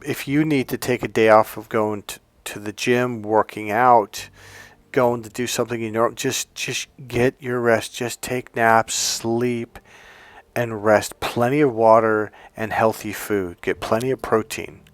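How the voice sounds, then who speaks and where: A man's voice: medium pitch, fairly even intonation, measured pace, no room sound. Rambling man giving a motivational talk. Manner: rambling, searching for words, many restarts. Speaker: life coach. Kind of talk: unscripted motivational talk to camera.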